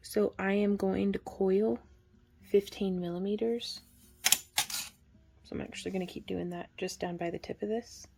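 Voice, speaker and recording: A woman giving a relaxed, chatty hands-on craft tutorial, talking through each step and counting stitches aloud. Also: medium pitch, normal speed, vocal fry. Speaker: craft instructor.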